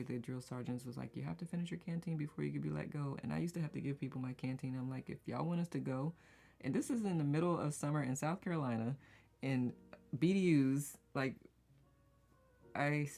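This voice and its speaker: A woman's voice: rumbling low, creaky, mellow. A woman hosting a casual live-stream circle, chatting, reading viewer comments aloud and laughing often in rambling asides. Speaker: host of a live community circle.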